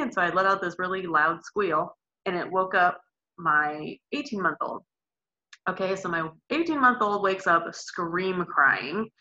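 A woman in her thirties tells her story with a bright, forceful voice. She talks casually, swears freely and acts out the moments she screamed. The podcast audio is a little dull and lo-fi. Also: lowish voice. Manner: animated, acts out her own past shouts and screams; casual, swears and says "like" often. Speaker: podcast guest telling her birth story.

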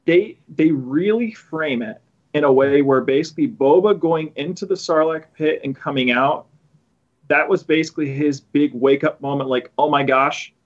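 Speaking at normal speed in a voice on the high side, this podcast host chats loosely and sarcastically, frequently starting sentences over as he rambles. The recording has its highs cut off.

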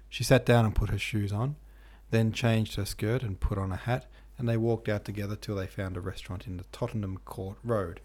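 A man reading a classic novel aloud in a steady, measured way, with the odd small slip. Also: on the low side. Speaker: audiobook narrator.

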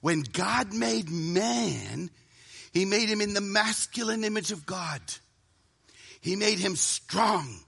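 A middle-aged male preacher with a high, very bright and forceful voice that swings widely in pitch. He preaches dramatically to a live audience, dropping to a hush to drive points home and acting out voices in his head. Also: lively intonation, takes it slowly, gravelly, breathy edge. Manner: dramatic, drops to a hushed voice for emphasis, acts out inner voices. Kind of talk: sermon.

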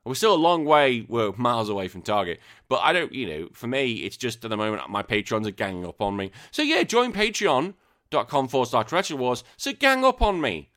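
A man's voice: mid-range voice, big pitch swings, brisk, fairly bright tone. A man hosting a podcast, chatting casually in a rambling, joking way with frequent swearing. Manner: swearing, rambling, jokey tangents. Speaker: podcast host.

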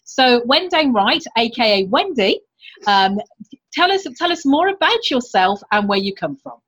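A woman's voice: on the high side, sing-song, unhurried, fairly bright tone, poor audio. A woman hosting an interview show, welcoming and upbeat as she introduces and questions her guest. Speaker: podcast host.

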